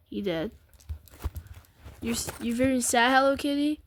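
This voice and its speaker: A woman's voice: a little high, measured pace, background noise. A woman doing let's-play commentary, reading game dialogue aloud and gasping and squealing at the scares. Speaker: gameplay commentator. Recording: loud game music over the voice.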